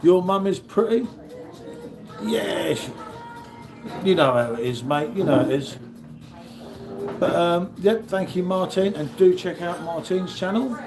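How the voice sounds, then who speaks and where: A man's voice: sits high, expressive, unhurried, long pauses, music in the background. A British man live-streaming from an airport café, chatting casually and joking as he reads out viewer comments into his phone. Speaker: beer vlogger on a live stream. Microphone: phone held by the speaker. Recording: loud crowd noise around.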